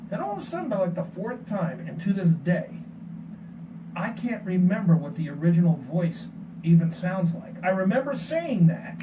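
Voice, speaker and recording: A man's voice: sits high, moderate pace, muffled recording. A man hosting a casual group discussion, telling stories and asking rhetorical questions. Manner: animated storytelling, rhetorical questions. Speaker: podcast host. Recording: noisy, distant room mic.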